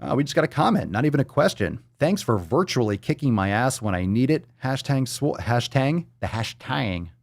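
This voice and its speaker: Brash, profane fitness show host. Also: male voice, medium pitch, sing-song, fast, gravelly, few pauses, no echo, studio quality. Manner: brash, profane, hype-man energy. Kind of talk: live-stream show, reading comments.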